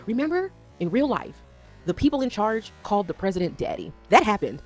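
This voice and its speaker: A woman in her thirties from the Northeast United States, ranting in a casual vlog. She is animated and profane, swinging between loud outbursts and quiet asides. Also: mid-range voice, quick pace, soft background music. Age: 30s. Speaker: vlogger. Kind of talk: casual unscripted rant.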